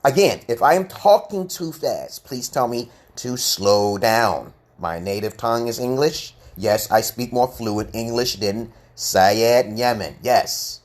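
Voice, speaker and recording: A man in his forties giving a casual, rambling English lesson on a live stream, asking "okay?" again and again. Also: mid-range voice. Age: 40s. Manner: rambling, repeats "okay?" often.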